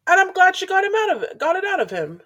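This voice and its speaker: A woman's voice: extremely high pitch, big pitch swings, fast talker, a bit bright, no room sound. A woman co-hosting a podcast, making wry remarks in casual chat. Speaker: podcast co-host.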